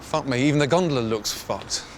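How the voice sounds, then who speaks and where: A man hosting as a chef, blunt and animated, swearing freely as he inspects a restaurant. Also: medium pitch, a little fast, slight background noise. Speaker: chef host visiting a failing restaurant. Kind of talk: reality TV walkthrough and commentary. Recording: background music under speech.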